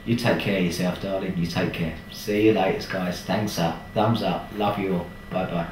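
A man's voice: deep voice, steady tone, moderate pace, very noisy. A man in a hospital ward, speaking a chatty, jokey video message of thanks with affectionate banter. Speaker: message sender thanking staff. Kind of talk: casual spoken video message. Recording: echoey room, distant mic.

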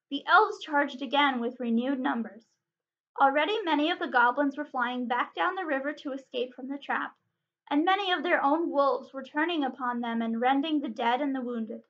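A woman librarian giving a steady, expressive read-aloud narration of a storybook. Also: high voice, normal speed, highs cut off.

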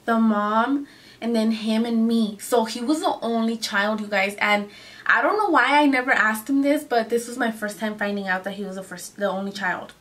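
A woman's voice: fairly high pitch, normal speed, a bit bright, distant mic. A young woman telling a casual storytime to her viewers, chatty and full of "like" and "you guys", slipping into Spanish phrases. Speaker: vlogger.

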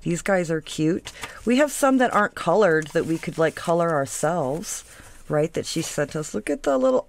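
A woman's voice: sits low, a little hiss or hum. A woman hosting a craft video, chatting casually as she works, thinking aloud, trailing off mid-sentence and cooing at her pieces. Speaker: crafting channel host. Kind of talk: casual craft tutorial chat.

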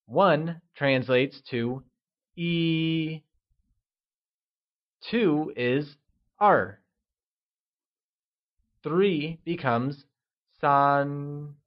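A man narrating a scripted language lesson, modelling words slowly for the listener to repeat. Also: fairly high pitch, muffled recording. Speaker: language teacher.

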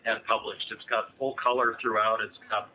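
A man's voice: lowish voice, little pitch movement, normal speed. An American man in his fifties speaks as a guest author in a casual interview. He is enthusiastic and rambling, and he often restarts his phrases. His voice comes through a thin, phone-like line with faint hiss. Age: 50s. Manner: enthusiastic, chatty, many restarts. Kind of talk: casual interview over a call.

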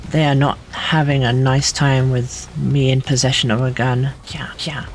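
Relaxed, unhurried streamer; playful, whispery sound effects during gameplay. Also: medium pitch, slight background noise. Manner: playful, mutters whispered sound effects and repeated filler words. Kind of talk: casual gaming commentary.

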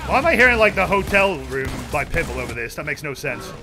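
Goofy, excitable young man streaming. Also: fairly high pitch, fast. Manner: goofy and excitable, with sudden yells. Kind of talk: casual gaming commentary. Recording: game music playing behind.

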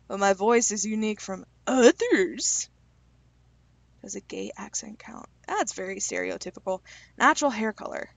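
Young woman, slightly high voice, joking casual vlogger, close dry mic. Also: fairly bright tone, no echo. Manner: chatty, self-deprecating, reads questions aloud and answers with quick jokes. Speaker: YouTuber taking online quizzes. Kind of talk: casual vlog commentary.

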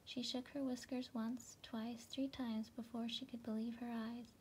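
Soft-spoken woman reading a storybook. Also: fairly high pitch, little pitch movement, measured pace, a little hiss or hum, rough recording. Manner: soft, partly whispered narration. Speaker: storybook reader.

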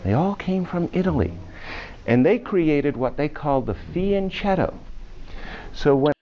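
A man's voice: fairly high pitch, sing-song, unhurried. A man teaching chess to a class of children, playfully quizzing them with questions. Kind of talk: classroom lesson. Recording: muffled classroom video with faint hiss.

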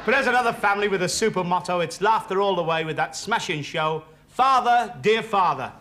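Chatty male variety host, jokey patter, higher voice, noisy old TV recording. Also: quick pace. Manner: chatty, jokey, lapses into posh mimicry. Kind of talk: joke-telling introduction. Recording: noisy broadcast with loud studio audience.

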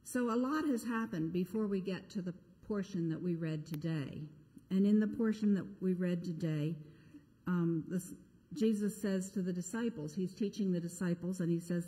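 A woman's voice: on the low side, moderate pace, warm tone. A woman pastor giving a conversational sermon, telling a scripture story in a self-deprecating way. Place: church sanctuary. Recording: echoey church sanctuary.

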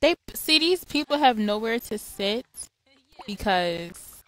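A woman's voice: on the high side, animated, takes it slowly, fairly bright tone, rough recording. A woman hosting a let's-play, giving casual game commentary in an exasperated, chatty, profane way.

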